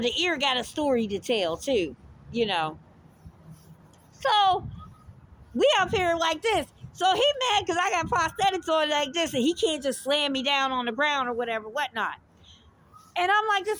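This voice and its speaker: A woman telling a heated personal story straight to her viewers, animated and full of swearing. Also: very high voice. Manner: animated, profane, addresses viewers directly. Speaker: storyteller recounting a confrontation.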